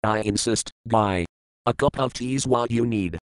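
A man's voice: medium pitch, a little slow, smooth, no echo, natural voice. A man voicing a chatty, pushy male cab driver who insists cheekily in an audiobook reading. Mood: cheeky, insistent.

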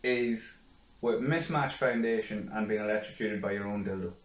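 A man co-hosting a podcast in casual banter, crude and quick to laugh, with the odd acted-out rant. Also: fairly low pitch, reverberant, rough recording. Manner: crude, laughing, acts out others' rants. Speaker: podcast co-host.

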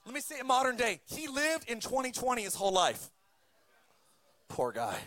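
High-voiced male preacher, dry sound. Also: expressive, fast, no room sound. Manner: emphatic preaching with amen calls and shouted peaks. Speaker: pastor. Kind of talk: sermon.

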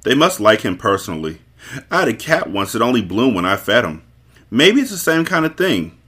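A man's voice: mid-range voice, big pitch swings, fairly quick, fairly bright tone, breathy edge. A man voicing a humble, deferential farmer. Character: humble, eager-to-please farmer father.

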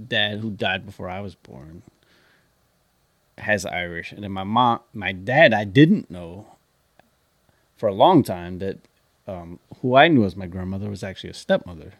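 A man's voice: fairly low pitch, unhurried, a bit bright, no room sound, studio quality. A man co-hosting a podcast, telling rambling stories in casual chat and laughing at his own jokes. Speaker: podcast co-host.

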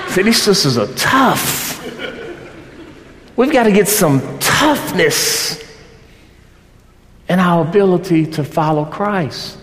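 A man preaching a sermon, building to shouts and slowing down for emphasis. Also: high voice, expressive, a little hiss or hum. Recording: roomy hall with long reverb.

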